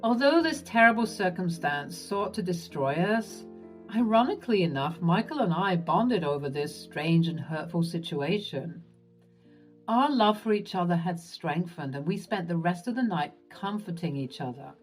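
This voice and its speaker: A woman narrating a first-person drama story in an expressive, dramatic storytelling manner. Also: fairly low pitch, normal speed, faint music behind.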